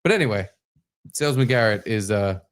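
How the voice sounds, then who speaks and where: A man's voice: on the low side, animated, a little fast. A man co-hosting a comedy podcast in casual chat, joking crudely and rambling. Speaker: podcast co-host.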